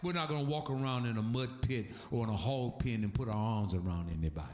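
A man's voice: mid-range voice, fast talker. A man preaching a sermon as pastor, emphatic, with sweeping swings in his delivery. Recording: echoey room.

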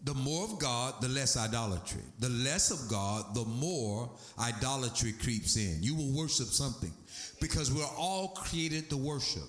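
A man preaching a sermon, animated, his voice climbing high as he gets excited. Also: moderate pace, soft background music. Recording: echoey room.

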